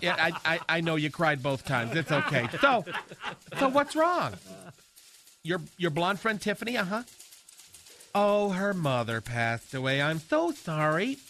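A campy, dramatic gay man chatters in a high, sing-song voice, as a man acts him out for a radio comedy sketch. He drawls slowly and theatrically, and a clear hiss of noise sits under the recording. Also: sharp tone, heavily acted.

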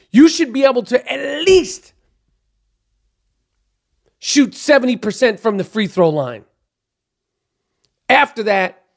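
A man hosting a sports talk show, ranting profanely and speaking straight to the players he criticizes. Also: high-pitched. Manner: profane, emphatic, addresses players directly. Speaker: sports podcast host. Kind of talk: opinionated sports rant.

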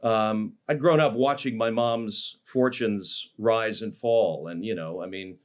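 Low-voiced actor telling stories. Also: male voice, slow pace. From Los Angeles, USA. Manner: rambling, many fillers and restarts. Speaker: actor, interview guest. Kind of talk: casual interview storytelling.

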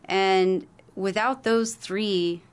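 A woman's voice: medium pitch, steady tone, extremely slow, clear, resonant tone. A woman who coaches clients in mind-body fitness, answering interview questions in a thoughtful, rambling way with plenty of ums and restarts.

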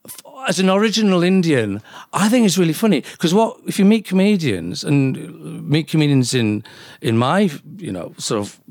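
A man's voice: a little high, sing-song, normal speed, hardly any pauses, a little mellow, dry recording, clean studio sound. A middle-aged man from the UK, a doctor guesting on a podcast, telling jokey anecdotes in casual interview chat. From UK, born in South Wales, raised in Leeds. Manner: chatty and jokey, tells anecdotes.

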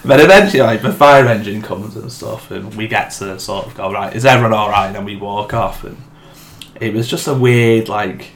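Young man, animated storyteller, swears freely, echoey room, faint background hum. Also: fairly low pitch, moderate pace. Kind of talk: casual storytelling chat.

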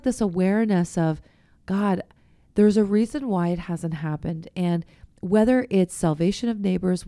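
A middle-aged woman hosting a faith podcast, talking candidly and chattily and sometimes dropping to a hushed voice. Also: medium pitch, dry recording. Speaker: podcast host. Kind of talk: faith-based casual chat.

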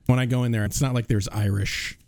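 Halting man podcast host. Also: medium pitch, fairly even intonation, a little mellow. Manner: halting, fills with "uh". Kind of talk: casual chat.

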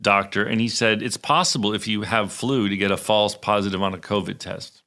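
A man co-hosting a podcast in casual chat, telling stories with animated energy and plenty of swearing. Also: lowish voice, brisk. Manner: animated storyteller, swears freely. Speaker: podcast co-host.

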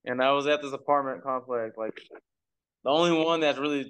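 Young male podcast guest from Texas; easygoing, rambling storyteller, clear resonant tone. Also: mid-range voice, brisk, fairly bright tone. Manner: laid-back, rambling with fillers. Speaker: guest, pro baseball pitcher. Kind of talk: casual storytelling. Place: recording for a podcast.

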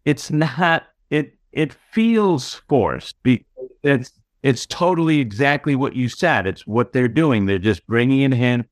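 A man's voice: mid-range voice, expressive, a little slow, dry recording, clean studio sound. A man as a guest on a casual podcast, offering opinions carefully with hedges and restarts.

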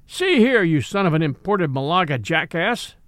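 A man's voice: high-pitched, very animated, moderate pace, a bit bright, no echo, heavily acted. A man voicing a proud, quarrelsome male troop horse in a storybook reading, haughty and indignant. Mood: bristling.

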